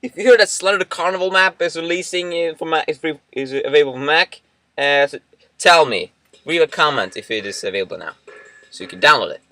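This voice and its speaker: Excitable young gamer, bright lively voice. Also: male voice, on the high side, brisk, no room sound. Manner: excitable, shouts and yells at the game. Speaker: let's play gamer. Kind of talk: game commentary. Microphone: computer mic. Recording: music from the game in the background.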